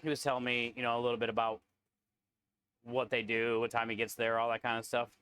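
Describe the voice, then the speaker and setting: A man's voice: mid-range voice, level tone, fast talker, a bit bright, smooth, no room sound. A man, a food truck cook, chatting casually with viewers on a live stream and joking around.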